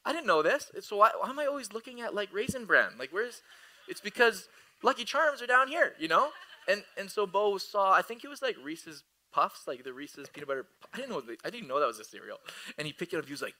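A man in his thirties delivers a sermon in a bright, slightly high voice. He slips into animated, laughing storytelling about his family. His tone stays conversational and playful. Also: fast talker, low-quality recording. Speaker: pastor.

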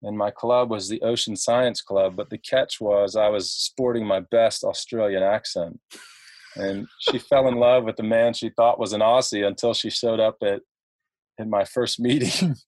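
A man's voice: lowish voice, fairly even intonation, moderate pace, dry recording. Ohio guy on a podcast, chatty, lots of ums and laughs, dry close sound. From Ohio, United States. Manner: chatty, laughs often, many fillers and restarts. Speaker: podcast guest. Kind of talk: casual storytelling.

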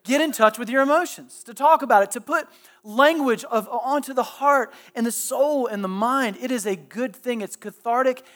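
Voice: mid-range voice, moderate pace, fairly bright tone. A pastor preaching a sermon in a conversational way, asking the listeners direct questions and often restarting and repeating phrases.

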